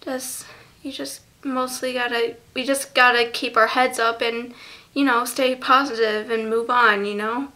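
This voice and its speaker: A teenage girl vlogging a tribute to a lost friend, halting and close to tears, with many fillers. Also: fairly high pitch, steady tone. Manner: halting, soft, full of fillers. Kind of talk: tearful memorial vlog.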